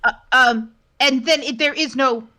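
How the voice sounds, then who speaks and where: A woman chatting on a podcast, brisk and opinionated, often chiming in with short agreeing replies. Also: high-pitched, pushed and bright. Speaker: podcast co-host. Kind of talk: casual chat.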